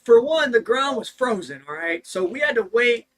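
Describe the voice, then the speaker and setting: A man's voice: very high voice, animated, normal speed, fairly bright tone. A young man chiming in on a livestream chat, telling his side of the stories in a blunt, matter-of-fact way. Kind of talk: casual storytelling chat.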